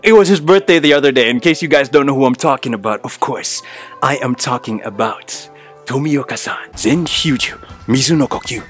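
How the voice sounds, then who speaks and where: A man hosting an unboxing video, talking viewers through each piece with fillers and sudden shouts of excitement. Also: medium pitch, normal speed, faint music behind. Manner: many fillers, addresses viewers.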